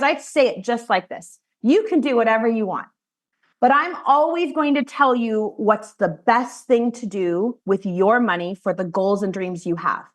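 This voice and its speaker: A woman and financial advisor teaching colleagues how she runs client meetings, talking directly and acting out what she says to clients. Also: fairly high pitch. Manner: animated, direct, acts out client conversations. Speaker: financial advisor training peers. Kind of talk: training talk to colleagues.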